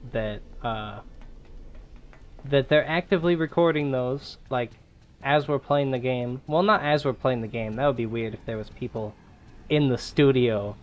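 A young man giving casual, rambling gameplay commentary, excitable and swearing now and then. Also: mid-range voice. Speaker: gaming YouTuber.

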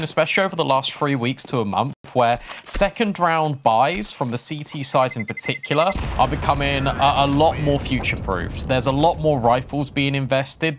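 A man calls esports rounds in a mid-pitched voice, analytical and quick. A faint hiss sits beneath his commentary. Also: a bit bright. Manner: quick, analytical, self-deprecating. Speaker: esports caster. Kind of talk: play-by-play commentary.

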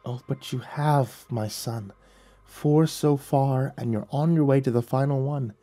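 A man voicing a gentle male angel messenger, speaking softly, solemnly and slowly in a dark, husky voice. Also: medium pitch, lightly acted. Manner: soft, solemn, slow and pleading.

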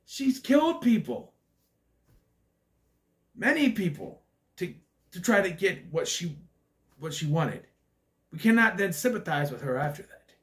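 A man's voice: sits high, sing-song, a little slow, long pauses. A man giving a casual, opinionated movie review, blunt and ranting, with swearing, loose fillers and restarts.

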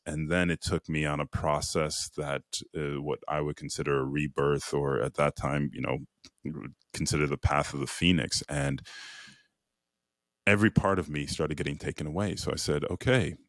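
A deep, low-pitched man speaks close to the mic, his voice dry with no room sound. He tells his personal story earnestly and reflectively as a podcast guest, acting out the inner questions he heard. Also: moderate pace, no room sound. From Chicago. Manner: earnest, lively retelling with quoted inner voices.

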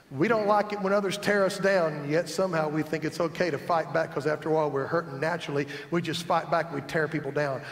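A male pastor preaching a sermon in a church sanctuary, emphatic and stacking up repeated lists. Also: high voice. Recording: echoey church hall.

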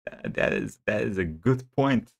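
A man's voice: lowish voice, a little slow, vocal fry. A man hosting a reaction video, joking and swearing freely in casual commentary. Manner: swears freely, jokey and animated.

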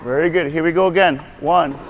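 High-voiced male tennis coach calling cues. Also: steady tone, slight background noise. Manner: brisk, repetitive cues and frequent praise. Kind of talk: on-court coaching instructions. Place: tennis court at a racquet club.

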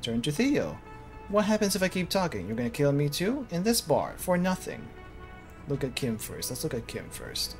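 Animated man playing through a story game. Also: fairly high pitch, moderate pace. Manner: animated, reads scenes aloud, playful. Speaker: streamer. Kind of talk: let's play commentary. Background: background music.

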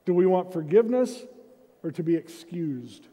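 Expressive and warm, his voice sits high and moves at an ordinary pace. The man, a senior pastor, delivers a sermon in a chatty style, joking at his own expense. Sound reverberates through the church hall around him.

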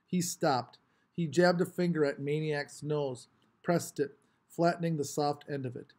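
A man reading a novel aloud with expressive, varied storytelling. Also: fairly high pitch, unhurried. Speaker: audiobook reader.

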